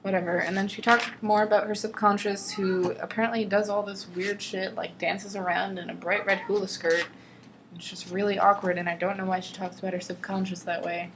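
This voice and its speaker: A woman's voice: medium pitch, flat delivery, brisk. A young woman talks casually to her camera, openly mocking a book and sighing over its writing. She swings into exaggerated dramatic readings of the passages. A faint background hiss sits under her voice. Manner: exasperated, mocking, reads excerpts with exaggerated drama. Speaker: vlogger reading a novel aloud. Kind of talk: casual sarcastic book commentary.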